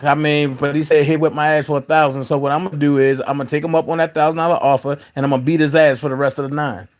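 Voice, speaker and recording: A man's voice: a little high, little pitch movement, very fast. A man with hosting a live call-in stream, joking and boastful in casual chat.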